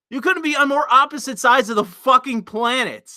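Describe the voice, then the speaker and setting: High, bright-voiced man ranting profanely on a stream. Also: dry recording, studio quality. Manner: rambling, profane, deliberately provocative. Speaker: livestream host reading chat. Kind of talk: casual livestream rant.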